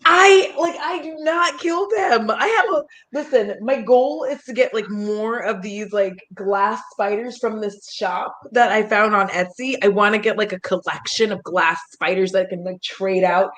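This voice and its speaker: A woman's voice: medium pitch, normal speed, hardly any pauses, a bit bright. A woman hosting a casual live-stream chat, giggly and chatty, swearing freely. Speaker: host.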